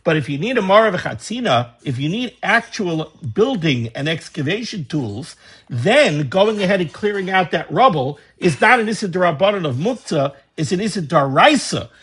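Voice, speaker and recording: A man teaching a lesson on religious law, reading passages aloud and explaining them in a lively way. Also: high voice, normal speed, breathy edge. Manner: lively explaining, reading Hebrew texts and translating. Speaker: Torah teacher. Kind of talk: Talmudic study lecture.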